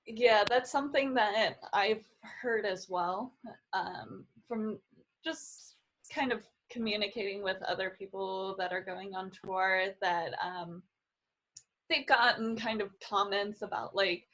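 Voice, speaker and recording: A woman hosting a casual interview, relaxed and hedging her questions. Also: mid-range voice, takes it slowly, rough recording. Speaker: podcast host.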